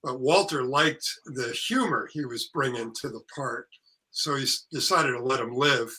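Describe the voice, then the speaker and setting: An older man, an actor and author, telling anecdotes in casual conversation, lively and salty, acting out what others said. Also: mid-range voice, normal speed, rough recording. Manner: lively storyteller, salty language, acts out quotes. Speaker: actor and author, podcast guest.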